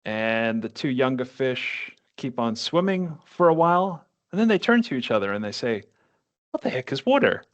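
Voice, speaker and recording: A middle-aged man in relaxed podcast conversation, his pitch sitting in an ordinary middle range. He speaks haltingly, stopping and restarting as he hunts for the next word. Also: muffled recording. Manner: halting, searching for words, frequent restarts. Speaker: podcast co-host. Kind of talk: casual podcast chat.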